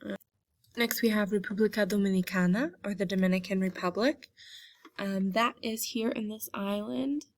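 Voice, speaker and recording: A young woman with a mid-range voice teaches a Spanish class a geography lesson, moving slowly over a map. She repeats each country name so students can copy its pronunciation.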